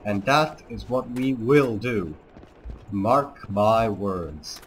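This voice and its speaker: A man's voice: fairly low pitch, drawn-out words, a little hiss or hum. Man doing a put-on Serbian accent. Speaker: let's play host. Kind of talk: gameplay commentary.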